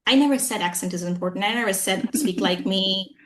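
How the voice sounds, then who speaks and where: A woman's voice: medium pitch, fairly quick, a bit bright. A woman English trainer speaking with an acquired American accent, talking emphatically in an interview and often asking "you know what I'm saying". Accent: American-style accent, acquired. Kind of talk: conversational interview.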